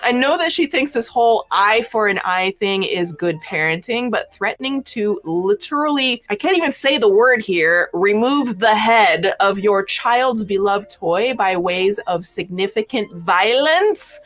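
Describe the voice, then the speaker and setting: A woman's voice: medium pitch, animated, unhurried, hardly any pauses, a bit bright. A woman giving sassy, sarcastic commentary on a casual livestream, swearing freely. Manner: sassy, profane, sarcastic asides. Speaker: commentary vlogger.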